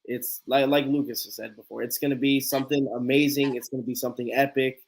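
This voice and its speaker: A man's voice: mid-range voice, fast, vocal fry. A man hosting a live stream, telling a story with lots of energy and acting out the quotes. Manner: animated storyteller, acts out quotes. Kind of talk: casual storytelling chat.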